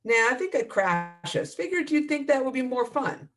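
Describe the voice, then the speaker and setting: A man's voice: extremely high pitch, big pitch swings, moderate pace, fairly bright tone, pitched above the performer's own voice, exaggerated voice. A man voicing a surly, sarcastic male team pilot in a grumbling, mocking way, within an author's reading.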